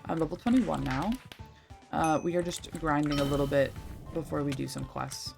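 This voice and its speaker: A woman's voice: low voice, normal speed, creaky, music in the background. A young woman streaming a game, rambling and chatty, swearing freely as she talks. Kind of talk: casual livestream chat while gaming.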